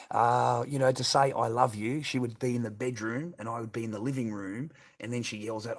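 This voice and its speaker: A man's voice: mid-range voice, steady tone, a little fast, hardly any pauses, faint music behind. A middle-aged Australian man talking on a casual livestream, bitter and rambling, swearing constantly as he answers his chat.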